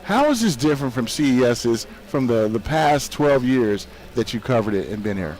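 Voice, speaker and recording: A man's voice: medium pitch, big pitch swings, moderate pace, darkish tone, low-quality recording. A man hosting a tech show, asking long, rambling questions in an on-site interview.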